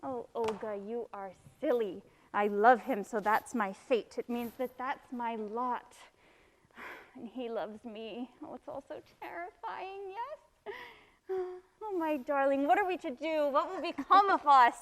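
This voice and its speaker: A woman's voice: high voice, measured pace, fairly bright tone, long reverb tail, poor audio. A woman playing a restless lovesick young wife. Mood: confessing. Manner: heartfelt, confessional delivery. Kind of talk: amateur stage drama.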